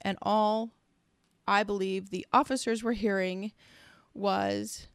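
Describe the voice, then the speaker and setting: A woman's voice: medium pitch, steady tone, slow pace, smooth, no room sound, studio quality. A woman co-hosting a casual conversation, earnest and reflective, working through her thoughts in long, searching sentences.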